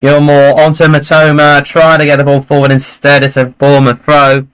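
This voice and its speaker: A man hosting a live football watchalong, chatting and reacting excitedly to the play. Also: a little high, moderate pace, clean tone, rough recording. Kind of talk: live match commentary and chat.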